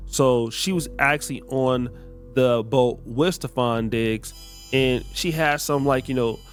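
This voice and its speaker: A man's voice: medium pitch, slow pace, soft background music. A man hosting a podcast, casually walking listeners through celebrity gossip and the clips he shows. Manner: conversational, narrating clips to viewers. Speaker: podcast host.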